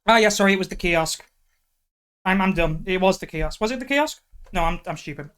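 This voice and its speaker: A woman's voice: fairly low pitch, lively intonation, fairly quick, fairly bright tone, smooth. British streamer lady, rambly, laughs at herself a lot, chatting live. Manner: self-deprecating, rambling, laughs often. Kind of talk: casual live-stream chat and reading.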